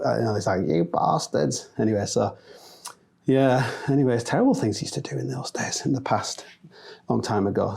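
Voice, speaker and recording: A man's voice: mid-range voice, a little mellow. A man from England telling a casual, rambling anecdote full of fillers and restarts. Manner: rambling, many fillers and restarts, laughs often. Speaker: storyteller.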